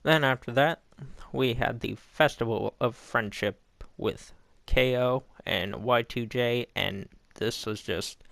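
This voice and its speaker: A man's voice: medium pitch, takes it slowly, creaky, fairly bright tone, dry recording. A young man casually recapping a wrestling show, rambling with lots of fillers and acting out what people said. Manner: rambling, filler-heavy, acts out quotes.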